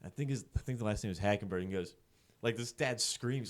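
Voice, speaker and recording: A man's voice: fairly low pitch, brisk. A man in his twenties from central Pennsylvania, a podcast guest telling a story in a loose, casual way with lots of swearing and filler words.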